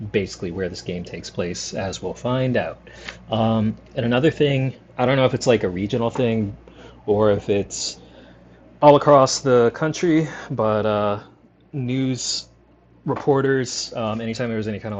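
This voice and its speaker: A man from the New Orleans area giving rambling, relaxed commentary while streaming a game. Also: fairly low pitch, a little hiss or hum. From New Orleans area, Louisiana. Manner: rambling, lots of fillers, relaxed. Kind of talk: casual commentary over gameplay.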